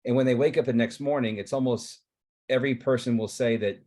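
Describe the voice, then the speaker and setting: A man's voice: mid-range voice, fairly even intonation, brisk, darkish tone. A man on a video call explaining a therapy in an earnest, rambling way, with frequent restarts.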